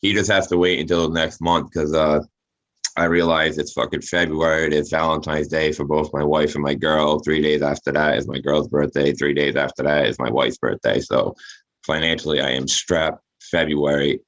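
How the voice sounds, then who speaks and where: Man, extremely deep voice, casual, dull lo-fi audio. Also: level tone, moderate pace, fairly bright tone. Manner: easygoing, swears casually. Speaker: guest. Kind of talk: casual group chat. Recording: dull lo-fi sound.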